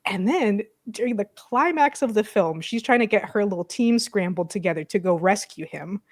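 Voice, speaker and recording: Female co-host, casual chat, animated storyteller who acts out quotes. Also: mid-range voice, normal speed. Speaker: podcast co-host.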